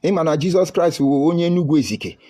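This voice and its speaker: A man's voice: on the high side, expressive, fast talker, dark tone, voice pushed up. A man mimicking a fiery male preacher who thunders at his congregation with a Nigerian accent. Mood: preaching. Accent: Nigerian English.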